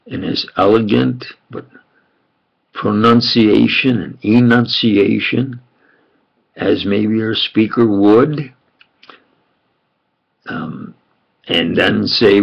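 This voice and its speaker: A man's voice: on the low side, creaky, slightly rough, dull audio. An elderly man with a New York accent, Italian his first language, rambling through memories in a meandering personal monologue. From New York, USA. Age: older. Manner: meandering, repeats himself, chuckles while reminiscing.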